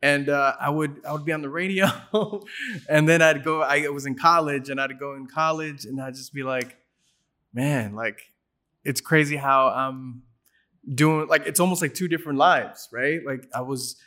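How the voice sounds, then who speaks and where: A man hosting a relaxed interview, talking in an easygoing way that repeats words as he rambles. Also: fairly high pitch, normal speed. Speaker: interviewer host. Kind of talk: casual interview chat.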